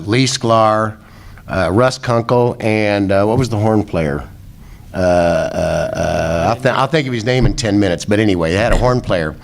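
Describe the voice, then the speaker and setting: An older man, a former rock roadie, telling rambling anecdotes in a casual interview and chuckling as he goes. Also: lowish voice.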